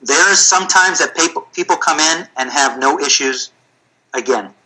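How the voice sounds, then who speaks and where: Man with a very sharp, bright voice. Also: on the high side, normal speed, low-quality recording. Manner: animated, storytelling with acted-out quotes. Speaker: physical therapy clinic owner, guest. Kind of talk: casual storytelling chat.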